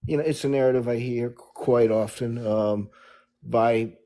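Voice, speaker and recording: An American man calling in to a live online debate, measured and hesitant, with many ums and uhs. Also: mid-range voice, steady tone, warm tone. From United States. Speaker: call-in guest.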